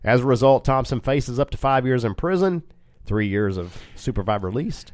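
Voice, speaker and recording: A man's voice: mid-range voice, animated, moderate pace, darkish tone, dry recording. A man hosting a comic news podcast, reading headlines with chatty, jokey asides while groggy from cold medicine. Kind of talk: casual comic news chat.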